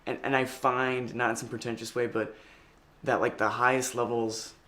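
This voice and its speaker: A man's voice: mid-range voice, level tone, pushed and bright. A young male actor in a press interview, talking in a loose, rambling way full of fillers and restarts. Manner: rapid, rambling, lots of likes and restarts.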